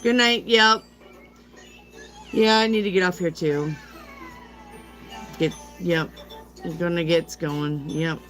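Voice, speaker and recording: A woman's voice: fairly low pitch, steady tone, slow pace, long pauses, fairly bright tone, faint music behind. An older woman hosting a tarot livestream, chatting casually and affectionately, greeting viewers by name.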